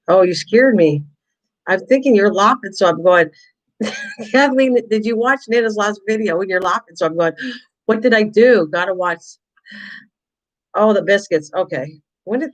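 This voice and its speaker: A woman's voice: fairly low pitch, poor audio. A chatty woman talking casually to her viewers while she works on a craft project, laughing at herself. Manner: chatty, self-deprecating, talks to viewers in chat. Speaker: craft vlogger.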